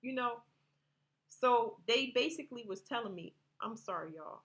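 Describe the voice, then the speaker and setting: A woman's voice: fairly high pitch, expressive, normal speed, fairly bright tone. Rambling, profane woman telling stories. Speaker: vlogger telling personal stories. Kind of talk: casual storytelling to viewers.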